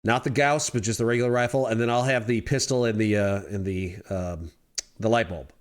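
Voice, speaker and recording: Texan guy playing a tabletop game, animated, pushes his plan hard. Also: fairly low pitch, fairly quick. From Texas. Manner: animated, argues his point. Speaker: player. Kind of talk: casual tabletop play.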